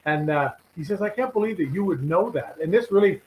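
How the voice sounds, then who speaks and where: A man's voice: sits high, animated, fairly quick, a little mellow, reverberant, a little hiss or hum, poor audio. A man, a regular guest on a live fishing show, telling rambling anecdotes full of quoted dialogue. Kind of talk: casual storytelling chat.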